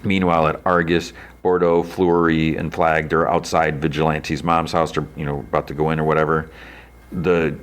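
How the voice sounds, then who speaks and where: A man hosting a podcast, recapping an episode casually with many fillers and jumping up in pitch when he quotes characters. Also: moderate pace. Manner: animated retelling, jumps into character lines with a raised pitch. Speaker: podcast host.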